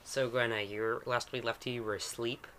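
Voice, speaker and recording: A man's voice: medium pitch, little pitch movement, moderate pace, a bit bright, a little hiss or hum. Rambling, joking game master man. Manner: rambling, self-deprecating, joking. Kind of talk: tabletop game narration and casual chat.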